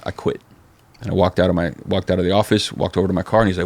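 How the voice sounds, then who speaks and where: Gravelly low-voiced man telling stories. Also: very fast, no room sound. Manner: profane, animated storytelling with lots of "dude" and "man". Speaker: interview guest, former skateboard company manager. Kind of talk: casual storytelling interview.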